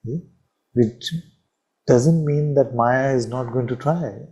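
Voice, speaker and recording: A man speaks as a spiritual teacher at a satsang, his voice very dark and mellow at a middling pitch. He talks slowly and reflectively, leaving long pauses and repeating key phrases. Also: rough recording. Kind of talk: satsang talk.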